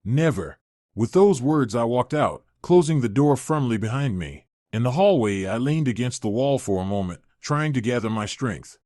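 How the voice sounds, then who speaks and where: A man narrating a scripted first-person story in a steady, measured delivery. His pitch moves around lively, and the recording is dry and close. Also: no room sound.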